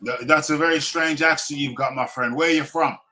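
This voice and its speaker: A man's voice: fairly high pitch, fairly even intonation, a little fast, bright, forceful tone. A man hosting a live boxing talk show, insistent, repeating himself and talking over his guests. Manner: insistent, repeats phrases, talks over others; pushes viewer buttons like a presenter.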